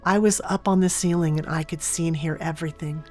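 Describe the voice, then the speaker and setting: Low-voiced woman telling her story. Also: steady tone, a little fast, dark tone, soft background music. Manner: earnest, vivid retelling. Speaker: interview guest. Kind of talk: personal storytelling in an interview.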